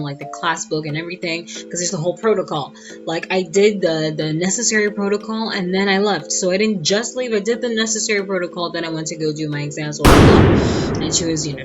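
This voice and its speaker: Low-voiced woman, animated and sassy, casual storytime; dull lo-fi sound over guitar music. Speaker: vlogger.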